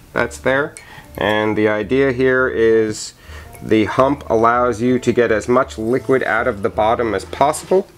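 A man giving a casual how-to demonstration of home winemaking at home, explaining each step in a relaxed, chatty way with occasional fillers. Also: mid-range voice. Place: indoors at home.

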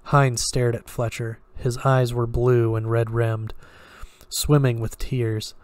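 A man reading a horror story aloud in a measured, steady way, with occasional slips. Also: mid-range voice, no room sound. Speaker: story reader.

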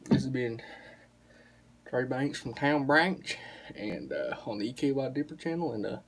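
A man's voice: mid-range voice, animated, normal speed, fairly bright tone, breathy edge. A young man, telling a rambling, profane story to the camera in a casual vlog. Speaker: vlogger.

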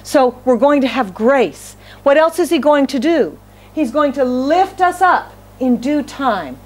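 A middle-aged woman pastor delivers a sermon in a high, bright register. She talks fast and emphatically, with frequent restarts and repeated phrases. Her exclamations climb even higher. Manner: speaks quickly with frequent restarts.

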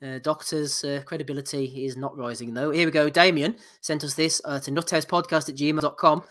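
A man's voice: fairly high pitch, fairly even intonation, brisk, fairly bright tone. A man hosting a casual boxing podcast, reading listener messages aloud and laughing. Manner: jokey, laughs while reading. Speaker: podcast host.

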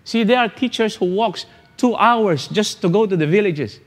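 High-voiced pastor preaching in a reverberant hall. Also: male voice, soft background music. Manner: repetitive, rhetorical preaching with halting restarts. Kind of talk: sermon.

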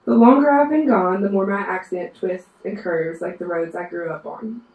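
At a storytelling show in a bar, a woman in her mid-twenties, a nurse from West Virginia, tells a sassy, wry story in a Southern accent. She speaks at medium pitch and a moderate pace. The audio is narrow and tinny, from a distant mic in a roomy live venue.

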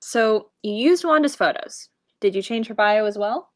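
A woman's voice: medium pitch, expressive, normal speed, natural voice. A woman playing an exasperated young woman who keeps scolding her friends.

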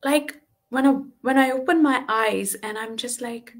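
A woman's voice: high-pitched, unhurried. Woman in her thirties, candid personal story, video call sound. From lives in Western Australia. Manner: earnest and candid, many fillers. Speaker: guest. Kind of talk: personal story in a live online talk.

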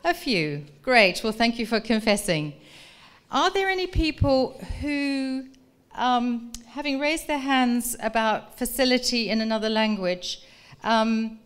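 A middle-aged woman speaks slowly and deliberately, her voice smooth and crisp as she addresses a live audience in a museum room. She reads aloud in an articulate, measured way and then turns to the crowd with engaging questions. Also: on the high side, expressive. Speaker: professor giving a public talk.

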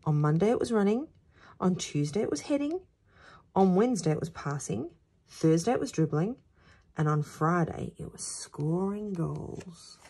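Woman reading a kids book out loud, low husky voice, slow, big swoopy tone. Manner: expressive, sing-song storytelling. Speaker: teacher reading to children. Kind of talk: reading a picture book aloud.

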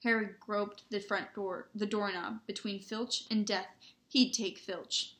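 A woman reading a children's novel aloud in an expressive, dramatic way. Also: mid-range voice, a little slow. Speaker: audiobook reader. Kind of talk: storybook read-aloud narration.

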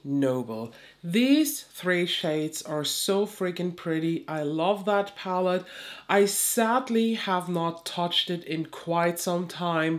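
A woman with a slightly low voice, made nasal and stuffy by a cold. She chats casually and reviews beauty products in a vlog. She often repeats and restarts her phrases. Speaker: beauty YouTuber.

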